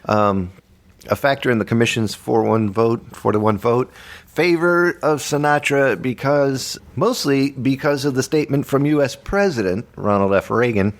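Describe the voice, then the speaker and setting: A man's voice: mid-range voice, normal speed. A man hosting a comic retro news chat, reading facts with dry jokes. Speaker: host of a retro journal show.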